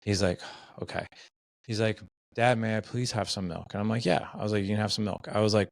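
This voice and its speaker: Male guest, casual storyteller, low gravelly voice, dry close sound. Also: steady tone, fairly quick, dry recording. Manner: storytelling, voices quoted dialogue. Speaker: podcast guest. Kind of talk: casual podcast conversation.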